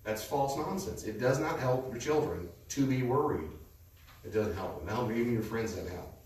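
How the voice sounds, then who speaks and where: A man teaching a class in a conversational way, telling stories with a lively manner to a live audience. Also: mid-range voice, normal speed. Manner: lively storytelling, lecturing. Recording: echoey room, distant mic, faint noise.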